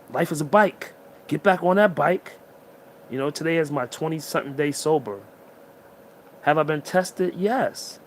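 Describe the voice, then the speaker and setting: A man's voice: a little high, slight background noise. A man giving an emotional, preachy motivational monologue straight to the listener. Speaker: motivational speaker.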